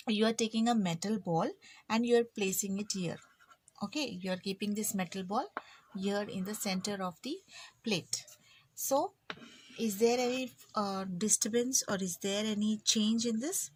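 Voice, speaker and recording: A woman's voice: mid-range voice, breathy edge. A woman with an Indian English accent teaching an online physics class in a chatty way, acting out her students' lines.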